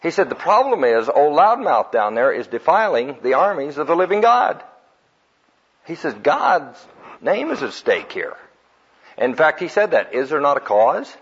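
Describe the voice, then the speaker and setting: Husky folksy preacher man. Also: fairly high pitch, very animated, moderate pace. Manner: folksy storytelling, acts out quotes, laughs at own jokes. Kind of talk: sermon. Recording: dull lo-fi recording.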